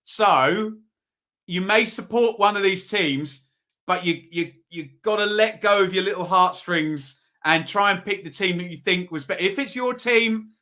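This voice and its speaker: A man's voice: sits high, pushed and bright. A man hosting a live football review show, chatting casually and reading out viewer votes. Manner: chatty, reads out viewer comments, pleading. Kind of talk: casual live-stream commentary.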